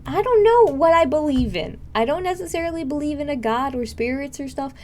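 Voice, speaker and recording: A woman's voice: high voice, lively intonation, a little fast, darkish tone, slight background noise. A young woman streaming live, chatting casually with her viewers in a rambling way full of fillers. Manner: rambling, filler-heavy, frequent laughs.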